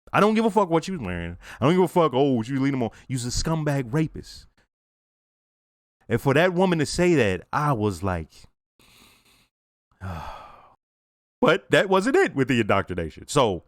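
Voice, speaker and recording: A young man hosting his own reaction channel, casually reviewing a TV episode in blunt, profane talk and acting out the characters in quick asides. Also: mid-range voice, no echo, clean studio sound.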